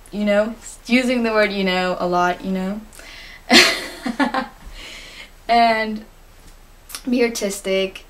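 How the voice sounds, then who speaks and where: A teenage girl talks straight into her camera for a casual vlog. She is chatty and gushing, with lots of fillers and quick giggles, at an ordinary mid-range pitch for a woman. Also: a bit bright. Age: teens. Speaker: fan answering interview questions.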